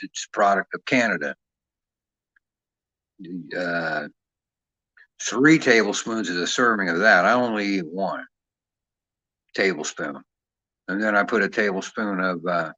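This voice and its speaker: A man's voice: fairly low pitch, bright, forceful tone, no room sound. A man hosting a boxing channel who talks in a profane, rambling, boastful way. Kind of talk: casual rambling chat. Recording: dull lo-fi sound.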